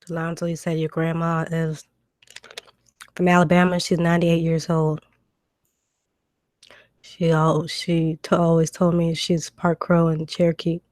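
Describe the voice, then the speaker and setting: A woman's voice: deep voice, completely flat delivery, unhurried, long pauses, darkish tone, dry recording, studio quality. A woman hosting a casual livestream, reading out viewer questions and answering them with many ums and restarts, a cough drop in her mouth. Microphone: new desk microphone.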